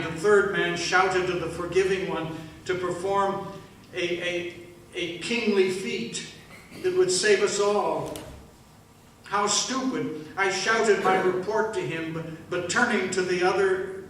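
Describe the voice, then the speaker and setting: Man, fairly high voice, dramatic church monologue, solemn and measured, roomy sanctuary, faint hiss. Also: steady tone. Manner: slow, solemn storytelling with hushed dramatic pauses. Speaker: worship leader. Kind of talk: dramatic first-person monologue. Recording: echoey room, mic at a distance.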